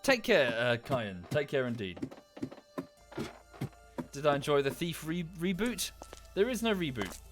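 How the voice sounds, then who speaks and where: A man's voice: on the high side, lively intonation, a little slow, pauses often, over music. A man with a British accent chatting casually on a livestream while playing a game, rambling with enthusiasm and swearing freely. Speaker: streamer.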